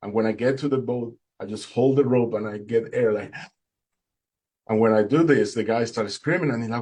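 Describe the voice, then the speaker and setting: A man's voice: medium pitch, moderate pace, a little mellow, breathy edge. A man telling a personal faith testimony, recounting events with emotion and acting out the dialogue. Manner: emotional storytelling, acts out dialogue. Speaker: speaker giving testimony.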